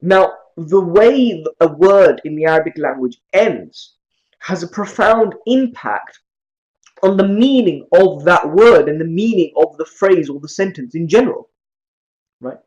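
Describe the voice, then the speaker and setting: A man teaching an Arabic grammar class, lecturing in a lively way and often checking in with his students. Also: sits high, a little slow, dull audio. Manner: lively, asks many questions.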